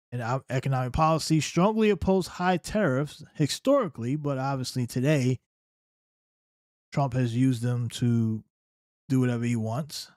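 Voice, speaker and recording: A man's voice: medium pitch, mellow, no echo, clean studio sound. A man hosting a political reaction commentary, talking emphatically and often checking in with "right?". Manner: emphatic, keeps asking "right?".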